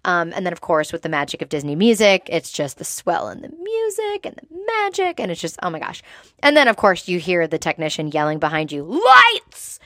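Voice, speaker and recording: A woman host chats through a story in a loose, animated way, dropping "like" into almost every sentence. Her voice sits a little low for a woman. The recording is dry and close, with no room sound. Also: brisk, dry recording. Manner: chatty and animated, heavy use of "like". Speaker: host recounting past work as a theme-park performer. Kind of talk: casual storytelling to viewers.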